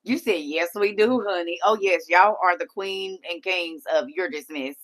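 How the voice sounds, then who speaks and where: Middle-aged woman, low-ish voice, laughing and talking back to her livestream chat. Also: moderate pace. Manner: animated, laughing often, talks back to chat. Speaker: livestream host. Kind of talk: casual live chat reading comments.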